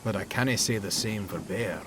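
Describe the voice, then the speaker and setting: A man's voice: lowish voice, normal speed, natural voice. A man voicing a shrewd, loyal male diesel engine with a Scottish brogue, in a noisy recording. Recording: loud background noise.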